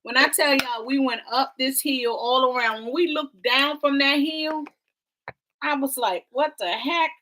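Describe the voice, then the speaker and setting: Female vlog co-host, dramatic storyteller, bright tone. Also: sits high, measured pace, a little hiss or hum. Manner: animated, dramatic storytelling with y'all and quoted voices. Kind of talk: casual travel storytelling.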